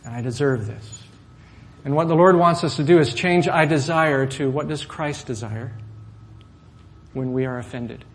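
A middle-aged male pastor telling a personal story in a sermon, swinging from loud, animated outbursts to soft asides. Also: a little high, moderate pace. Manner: animated storyteller, rising loud when acting out anger, dropping soft for asides.

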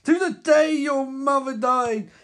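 A man reading out the lines of a gloating male super-speed villain in a comic recap, with a loud, theatrical, taunting delivery. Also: slow pace, heavily acted. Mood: menacing. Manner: taunting, theatrical, louder and higher than his own voice. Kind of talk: comic recap with read-out character voices.

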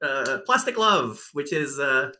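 A man's voice: mid-range voice, sing-song, measured pace, bright, forceful tone. A man from Indonesia, a native Indonesian speaker, chatting casually on a podcast and laughing a lot. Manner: laughs a lot, hesitant fillers.

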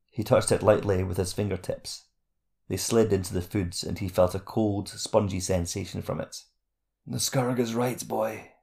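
A man narrating a fantasy audiobook chapter in a steady, measured reading voice. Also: low voice, vocal fry.

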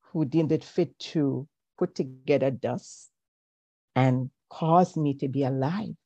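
A woman, a podcast guest telling a personal faith story in a reflective, hesitant way with frequent pauses. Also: a bass voice, mellow, no echo. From Jamaica. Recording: dull, lo-fi recording.

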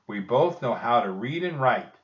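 A man's voice: mid-range voice, lively intonation, moderate pace, natural voice. A man doing a confident young girl. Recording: dull lo-fi recording.

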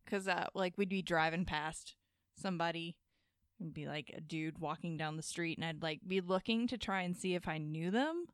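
A woman's voice: lowish voice, moderate pace, clear, resonant tone, dry recording, clean studio sound. A young woman hosting a casual podcast chat, giggly and rambling with many fillers. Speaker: podcast host.

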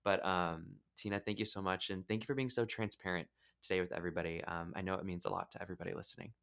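Low-voiced effusive male podcast host. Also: steady tone, rapid-fire, gravelly, fairly bright tone. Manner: gushing, effusive, with many fillers. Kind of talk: casual podcast chat.

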